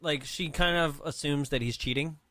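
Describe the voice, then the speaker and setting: A man with a fairly high, bright, forceful voice co-hosts a laid-back movie-review podcast. He laughs a lot and acts out scenes in quick quoted voices. The sound is dry and close. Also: no room sound. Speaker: podcast co-host. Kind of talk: casual movie-review banter.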